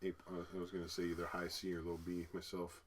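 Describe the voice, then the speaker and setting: A man's voice: sits low, monotone, fast talker, a crowd in the background. A man co-hosting a casual talk about a cartoon episode, laughing often and trailing off to restart his sentences. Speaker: podcast co-host. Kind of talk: casual chat.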